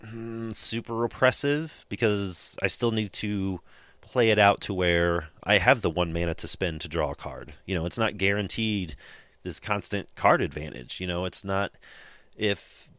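A man's voice: deep voice, unhurried, a bit bright, dry recording. A man hosting a casual podcast, rambling in a laid-back way with lots of fillers. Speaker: podcast host. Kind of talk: casual chat.

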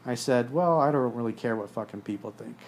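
A man's voice: medium pitch, fairly quick. Blunt, swearing male podcast host. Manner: blunt, profane storytelling. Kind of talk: casual podcast chat.

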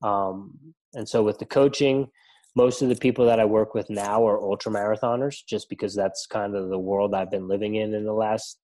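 This middle-aged podcast guest, an ultramarathon runner and coach, has a lowish, dark voice and keeps a steady tone at normal speed. His talk is casual and rambling, full of fillers and false starts.

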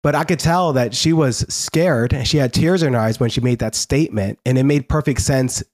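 A man telling his life story as a guest in an interview, earnest and halting, often restarting his sentences. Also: mid-range voice, a little mellow.

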